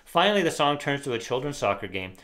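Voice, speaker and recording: A man's voice: medium pitch, very animated, quick pace, a bit bright. A middle-aged man co-hosts a casual political talk show in an opinionated tone. His voice sits at an average height, and he reads quotes aloud with a sarcastic edge. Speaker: podcast co-host.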